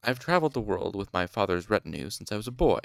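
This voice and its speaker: A man's voice: on the low side, big pitch swings, fast talker, vocal fry, no echo, clean studio sound. A man reading an audiobook, voicing a haughty, condescending rich young nobleman student. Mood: smug. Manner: smug, clipped and condescending.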